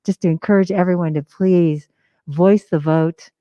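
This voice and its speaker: A woman's voice: on the low side, steady tone, moderate pace, no room sound, muffled recording. A woman co-hosting a theatre livestream, chatting in an enthusiastic, gushing way. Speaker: livestream co-host. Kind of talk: casual chat.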